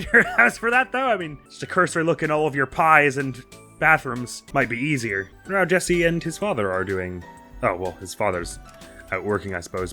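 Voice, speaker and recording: Brief: wry let's-play host, casual thinking-aloud commentary, sharp bright voice. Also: male voice, mid-range voice, fairly quick, soft background music.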